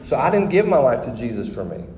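A man's voice: mid-range voice, sing-song, fast, dark tone, reverberant, long reverb tail, a little hiss or hum, rough recording. A man sharing his personal testimony with a group, talking candidly and conversationally with frequent restarts.

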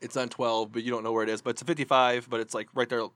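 A man tells a story in a casual, swearing-heavy podcast chat. He is animated and profane, and his voice sits in the middle of the male range. The sound is dry and close, with no room echo. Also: medium pitch, rapid-fire. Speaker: podcast co-host.

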